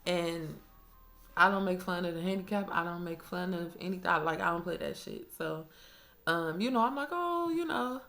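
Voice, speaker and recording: Slangy, animated young woman telling a story. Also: on the low side, normal speed, faint music behind. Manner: animated, slangy, swears freely, laughs often. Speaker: storytime vlogger. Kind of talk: casual storytime monologue. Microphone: own microphone.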